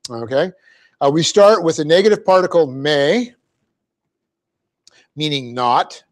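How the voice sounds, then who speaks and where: This middle-aged Bible teacher has a fairly high voice with lively intonation. Lecturing on Greek grammar in a church classroom, he explains with patience, checks in with the class frequently, and is quick to laugh at his own errors.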